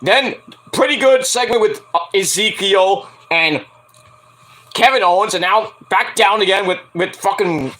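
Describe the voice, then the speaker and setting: Casting: high, bright male voice, lively and profane, casual wrestling reviewer who laughs a lot. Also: measured pace. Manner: animated, laughing often, profane, playfully mocking. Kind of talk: casual reaction commentary.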